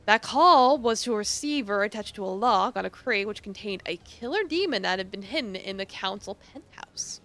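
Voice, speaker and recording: A woman's voice: mid-range voice, lively intonation, normal speed, hardly any pauses, a bit bright. A woman streaming a game, reading its dialogue aloud and adding casual, swearing asides.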